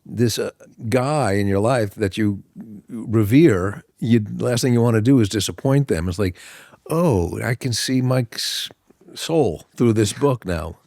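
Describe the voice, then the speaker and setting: A man with a fairly low voice talks in a chatty, reflective way, prompting a friend and adding his own thoughts. The sound is close and dry. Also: unhurried, creaky, darkish tone, no echo. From United States. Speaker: co-author and guest. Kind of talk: casual conversation.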